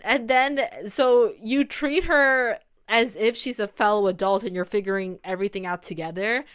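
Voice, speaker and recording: A woman's voice: mid-range voice, fairly bright tone, clean tone. A young woman in casual commentary, chatting loosely with many "like" fillers and restarts. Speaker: video essay host.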